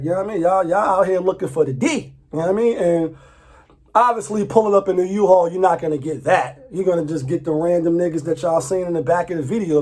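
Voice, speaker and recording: Husky-voiced man ranting casually. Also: high-pitched, darkish tone. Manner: loose, profane, repeats himself, laughs often. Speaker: vlogger. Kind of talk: casual commentary.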